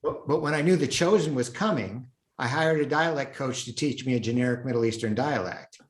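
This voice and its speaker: An easygoing man talks about his work as a guest on a podcast, in a middle-pitched voice. His voice carries a noticeable echo, as if he is in a bare room. He is self-deprecating and laughs often. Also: fairly quick. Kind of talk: casual interview conversation.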